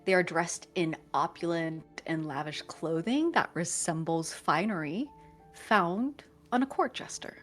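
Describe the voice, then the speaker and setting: A woman playing in a tabletop role-playing game, describing her character in a measured, descriptive way. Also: lowish voice, faint music behind. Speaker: player.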